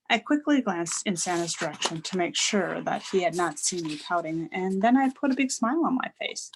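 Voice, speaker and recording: Reader: woman, lively and expressive, children's book narration. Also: fairly low pitch, moderate pace, few pauses, a little hiss or hum. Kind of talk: children's book read-aloud.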